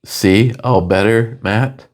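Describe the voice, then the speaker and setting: A man's voice: on the low side, slow. A man co-hosting a beer review stream, chatting casually and joking while he reads viewer comments aloud. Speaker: beer review co-host reading chat comments. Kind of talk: casual chat.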